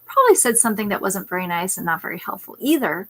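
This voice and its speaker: A woman's voice: mid-range voice, sing-song, fast talker, fairly bright tone. Woman coach telling a parenting story. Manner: reflective storytelling, acts out a child's pleading voice. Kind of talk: personal story on a talk show.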